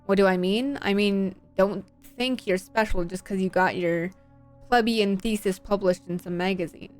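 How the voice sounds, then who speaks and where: A woman's voice: medium pitch, moderate pace, faint music behind, lightly acted. Woman voicing a sneering, arrogant scientist father. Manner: sneering, contemptuous. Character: bitter arrogant middle-aged scientist father. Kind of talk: voicing visual novel characters.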